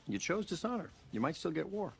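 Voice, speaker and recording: A man's voice: a little high, very animated, fairly quick, creaky, breathy edge, exaggerated voice. An actor playing a composed man who delivers a cutting rebuke in a dry, understated film dialogue clip.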